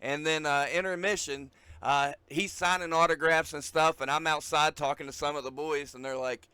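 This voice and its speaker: A man's voice: fairly high pitch, steady tone, brisk, hardly any pauses, sharp tone, clear, resonant tone, no echo. A man hosting a podcast in casual chat, enthusiastic and swearing freely as he tells a story. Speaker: podcast host.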